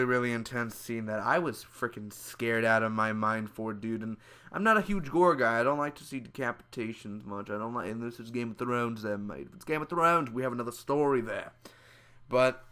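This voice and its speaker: Loud, excitable young man reviewing a movie. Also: mid-range voice. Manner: loud, excitable, slangy, acts out scenes with squeals. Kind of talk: casual spoiler review rant.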